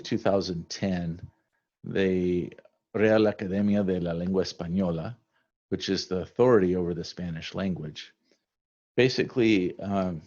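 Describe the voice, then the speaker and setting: A man teaching a language lesson from slides, relaxed and conversational with many fillers. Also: low-pitched. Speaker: Spanish teacher. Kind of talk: recorded slide lecture. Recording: dull lo-fi recording.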